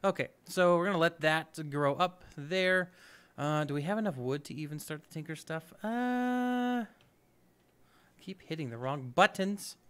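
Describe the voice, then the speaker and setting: A man hosting a let's play, talking through his moves in an upbeat, chatty way and thinking aloud. His voice sits a little high and is smooth and clear. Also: animated, a little slow, a bit bright. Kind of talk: casual gameplay commentary.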